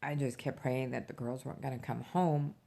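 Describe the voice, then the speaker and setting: A middle-aged woman vlogger recounting a personal story in a halting way, with many fillers and restarts. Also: extremely low pitch, steady tone, vocal fry, warm tone.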